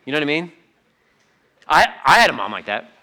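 A bright, forceful man's voice preaching a sermon in a church. He is middle-aged and pitched a little high, and he talks to the room in a conversational, animated way, slipping into quick acted-out asides. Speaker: pastor. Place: church sanctuary.

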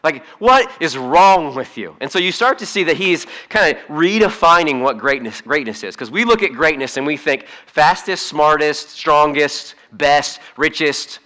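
A man preaching a sermon in a conversational, humorous way, swinging between hushed asides and emphatic points. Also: fairly high pitch, expressive, moderate pace, few pauses. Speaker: pastor.

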